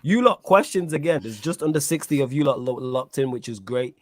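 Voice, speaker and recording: A man hosts a live sports Q&A stream, briskly steering the panel and calling on speakers. His voice is mid-pitched and sounds dry and close to the mic. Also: expressive, no echo. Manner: brisk, directing the talk. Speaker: host.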